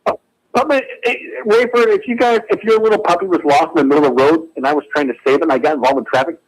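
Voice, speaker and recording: A man calling in to a radio talk show, telling a story excitedly and acting out the quotes. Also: on the high side, quick pace. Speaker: caller. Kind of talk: animated phone-in storytelling. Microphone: telephone. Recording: phone line.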